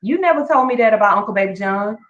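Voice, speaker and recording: A woman's voice: medium pitch, lively intonation, fast, fairly bright tone. A woman teacher, a guest, telling her story in a chatty, heartfelt way and calling the listener "girl" again and again. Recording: echoey room, dull lo-fi sound.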